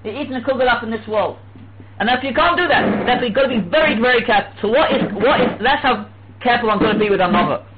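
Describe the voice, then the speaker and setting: A man teaching a religious lesson, telling stories lively and acting out quoted dialogue. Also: extremely high pitch, quick pace. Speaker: Torah teacher. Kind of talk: religious lecture. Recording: tinny phone-like with faint hum.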